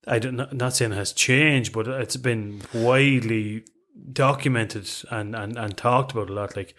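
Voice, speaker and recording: A man's voice: medium pitch, steady tone, normal speed, fairly bright tone. An Irish man co-hosting a podcast, chatting casually and bluntly, swearing a lot and laughing often. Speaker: podcast co-host. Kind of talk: casual chat.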